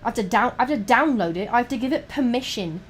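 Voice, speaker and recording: A woman's voice: on the high side, expressive, fast, slight background noise. Young woman rambling with lots of swearing. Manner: rambling, heavy swearing, frequent restarts. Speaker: streamer. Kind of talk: casual chat while painting miniatures.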